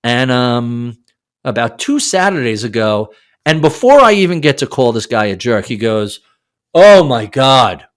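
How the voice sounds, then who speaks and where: A man in his sixties, a podcast guest, telling a story in a casual interview, animated and casually profane. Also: medium pitch, moderate pace. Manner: animated, acts out quoted lines, swears casually.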